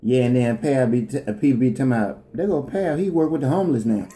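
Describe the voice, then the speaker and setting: A man's voice: medium pitch, fast, warm tone. A man chiming in on his wife's live stream with teasing remarks in casual banter.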